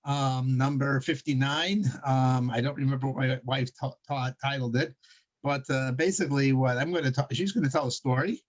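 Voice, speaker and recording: A man's voice: medium pitch, fairly even intonation, normal speed, lo-fi sound. A man teaching a casual religious class over a video call, rambling with many fillers and frequent chuckles.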